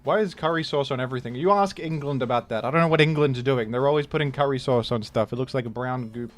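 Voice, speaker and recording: A man's voice: mid-range voice, quick pace, faint music behind. A young man, casually joking and rambling through a live game stream. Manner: joking, rambling, exclaims loudly when surprised.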